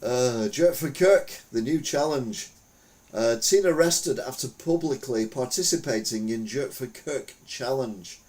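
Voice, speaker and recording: A man's voice: medium pitch, animated, measured pace, a little mellow. Rambling wry man. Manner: rambling, wry, self-mocking jokes with filler-heavy asides. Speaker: podcast host. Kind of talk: casual news commentary.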